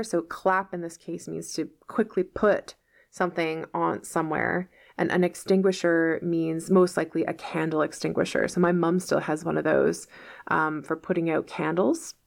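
A woman's voice: fairly low pitch, vocal fry. A woman teaching English, patiently explaining old words from a novel step by step and checking in with the listener.

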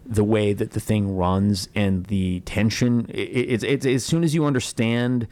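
Guy reviewing a movie, kinda low voice, lots of ums and restarts, super casual. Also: steady tone, darkish tone. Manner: rambling, halting, with many fillers and restarts. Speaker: film reviewer.

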